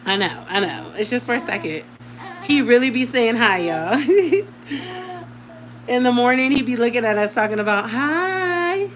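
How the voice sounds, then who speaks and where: A woman's voice: fairly high pitch, expressive, normal speed, poor audio. A woman at home talking in casual vlog chat while caring for a baby, slipping into doting baby talk as she coaxes an infant to speak. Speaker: vlogger.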